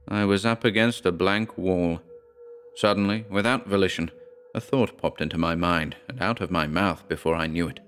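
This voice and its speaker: A man with a very deep voice reads a horror tale in a measured, dramatic way. Faint music runs under his narration. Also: fairly bright tone. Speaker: audiobook narrator.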